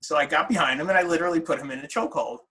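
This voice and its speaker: A man's voice: a little high, rapid-fire, pushed and bright, husky, poor audio. A middle-aged man, a wrestler's father, telling stories in a casual interview, with many fillers and restarts.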